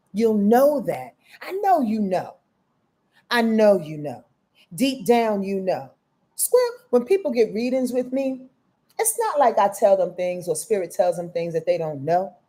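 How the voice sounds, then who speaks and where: A woman's voice: on the high side, warm tone. A woman hosting a live astrology stream, talking to viewers in an emphatic, casual and profane way. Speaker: astrology reader and host.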